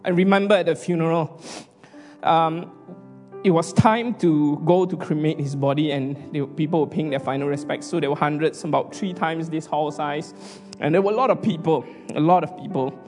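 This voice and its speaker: Earnest high-voiced pastor in a reverberant hall. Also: male voice, fairly even intonation, darkish tone, soft background music. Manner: earnest, halting, with many restarts and fillers. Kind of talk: emotional sermon.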